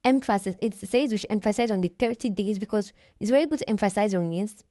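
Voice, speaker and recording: A woman's voice: medium pitch, fast talker, warm tone, no echo, clean studio sound. A woman giving a casual screen-share tutorial, reading the on-screen text aloud and explaining each step in a chatty way. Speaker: tutorial creator.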